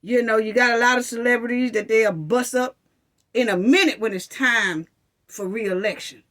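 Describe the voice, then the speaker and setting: Woman, fairly high voice, fiery repetitive commentary, mocking quoted lines. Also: normal speed, a bit bright. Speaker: commentary channel host. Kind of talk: opinion commentary to viewers.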